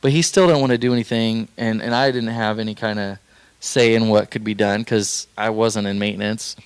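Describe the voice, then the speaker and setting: A man's voice: lowish voice, fairly even intonation, brisk, smooth, no echo. A young man sharing a personal faith story on a podcast, earnest and heartfelt, rambling with fillers and restarts as he talks.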